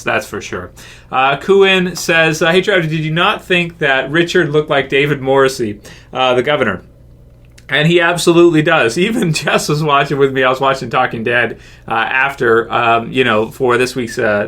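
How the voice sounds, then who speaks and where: A man's voice: medium pitch, sharp tone. A man hosting a casual viewer Q&A. He reads out fan questions and answers them in a rambling, chatty way, laughing often. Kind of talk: casual Q&A chat.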